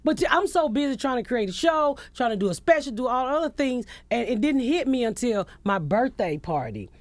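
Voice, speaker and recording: A woman's voice: fairly high pitch, a little fast, no echo. A middle-aged woman comedian telling candid stories in a radio studio interview, blunt and profane. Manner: blunt, profane, animated storytelling. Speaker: comedian guest. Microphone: studio mic.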